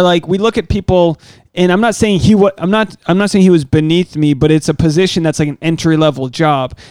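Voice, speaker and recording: A man tells a story on his podcast in an earnest, halting way, poking fun at himself. His voice is high and clear, recorded close and dry. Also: darkish tone, no room sound. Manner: earnest, halting, self-mocking. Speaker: podcast host. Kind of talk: casual storytelling chat.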